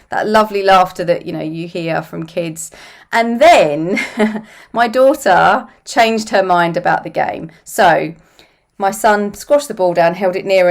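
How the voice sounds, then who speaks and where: A middle-aged woman coach speaking earnestly and unhurriedly in a reflective course talk, often repeating phrases and saying "you know.". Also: on the low side. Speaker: personal growth coach.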